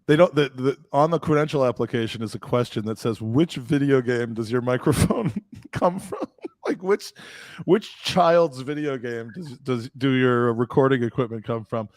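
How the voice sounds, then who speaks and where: A middle-aged man co-hosting a podcast, chatting casually, animated and self-deprecating with stumbling restarts. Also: mid-range voice, moderate pace, dry recording. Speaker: podcast co-host. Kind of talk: casual chat.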